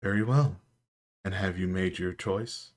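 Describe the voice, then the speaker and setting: A man voicing a grave, regal goddess who speaks in slow, measured pronouncements. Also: sits low. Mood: solemn. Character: solemn, regal goddess, gentle but grave.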